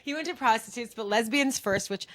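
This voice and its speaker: An animated woman co-hosting a podcast tells a story in casual chat, her voice a little high and a little fast, with no room sound. She acts out the voices of the people she quotes.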